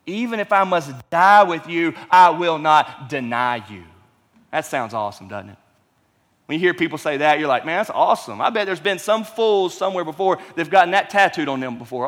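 Pastor preaching in a reverberant hall. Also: male voice, sits high, a bit bright. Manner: conversational, emphatic preaching with rhetorical questions. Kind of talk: sermon.

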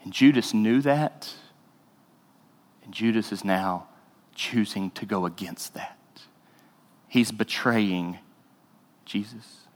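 A man's voice: lowish voice, takes it slowly, long pauses. A man preaching a sermon as pastor, earnest and conversational, rising to emphasis. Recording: reverberant hall.

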